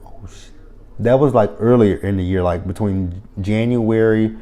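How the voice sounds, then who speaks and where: This reality TV reviewer, who lives close to the area featured on the show, speaks at a normal speed in a fairly low, mellow voice. His take is casual and opinionated, bluntly delivered with heavy swearing and plenty of fillers like "um" and "you know."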